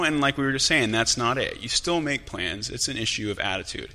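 Pastor guy preaching, chatty and lively, bright forceful voice echoing through a big church. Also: medium pitch, a little fast, few pauses. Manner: conversational, animated preaching. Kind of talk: sermon. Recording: long hall reverb.

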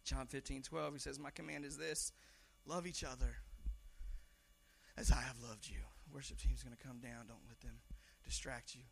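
A young man preaching a sermon in a church, talking conversationally, stumbling over repeated words and now and then shouting lines for emphasis. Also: mid-range voice, flat delivery, moderate pace, gravelly, slight background noise. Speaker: pastor.

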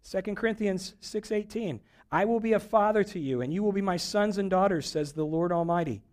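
A man's voice: high-pitched, a little fast, a little mellow. A man preaching a sermon in a conversational, joking way, a pastor who acts out little voices to make his points. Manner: conversational and humorous, acting out voices for jokes.

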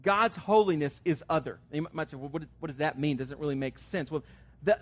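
Man, pastor, sermon, high-pitched voice, earnest, emphatic peaks, conversational asides. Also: brisk. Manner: earnest preaching, rising emphatic on key words.

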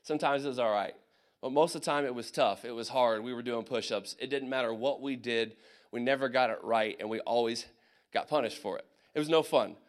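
A young man from Indiana telling a personal story of army service to a gathering, animated, with many fillers and acted asides. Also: mid-range voice, fairly quick. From Indiana, USA. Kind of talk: personal testimony talk.

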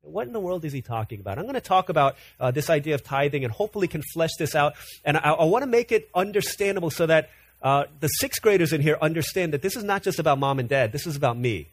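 A man's voice: on the high side, expressive, fast, dry recording. Man preaching a conversational sermon. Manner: earnest, conversational preaching with personal anecdotes. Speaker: pastor.

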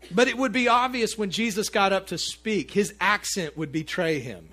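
A man preaches in a church sanctuary, easy and talkative, turning often to his congregation. His voice sits a little higher than most men's. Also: moderate pace. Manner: conversational, animated preaching with asides to the congregation. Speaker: pastor. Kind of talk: sermon.

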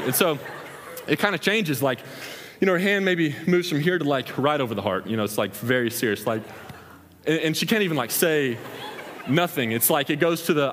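A man's voice: a little high, brisk, slight background noise. A young man preaching a sermon in a large hall, acting out scenes as he tells stories. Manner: animated storytelling, acts out scenes with hand gestures. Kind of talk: sermon with acted-out examples. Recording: long hall reverb.

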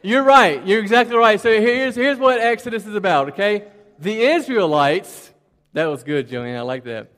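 Brief: high-voiced man, children's sermon, chatty storyteller, big reverberant church hall. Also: normal speed. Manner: animated, chatty, repeats words while telling stories. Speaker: preacher.

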